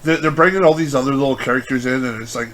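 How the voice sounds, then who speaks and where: A man's voice: medium pitch, racing, fairly bright tone. Rambling man with lots of fillers. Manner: rambling, filler-heavy, profane. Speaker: podcast co-host. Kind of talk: casual chat.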